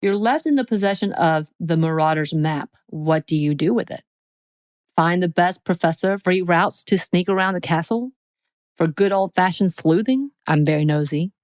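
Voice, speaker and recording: A woman's voice: fairly low pitch, normal speed, a little mellow, dry recording, studio quality. Playful woman reading a quiz aloud. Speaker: podcast co-host. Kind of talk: casual chat.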